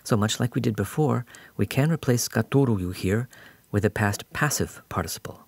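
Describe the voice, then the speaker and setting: A man's voice: fairly low pitch, normal speed, vocal fry, no room sound. A man giving a patient, explanatory recorded grammar lesson as a language teacher.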